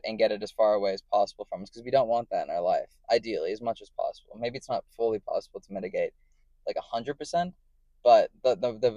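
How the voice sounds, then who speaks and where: A man's voice: medium pitch, mellow, no echo. A man in a casual monologue, talking to camera as a vlogger, rambling, correcting himself and checking in with the listener. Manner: rambling and self-correcting, often checking in with "right?".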